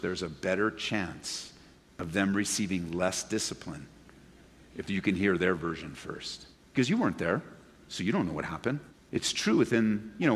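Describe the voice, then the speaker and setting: A man's voice: low voice, long reverb tail, a little hiss or hum. A man preaching a sermon as pastor, emphatic, repeating key phrases and asking the congregation rhetorical questions. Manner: addresses the congregation directly.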